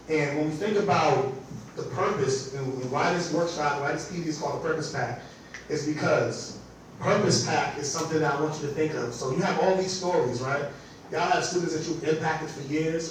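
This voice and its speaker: A man's voice: on the high side, slight background noise. A man giving a live workshop presentation to teachers, talking conversationally and often asking his audience "right?". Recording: very echoey room picked up from far off.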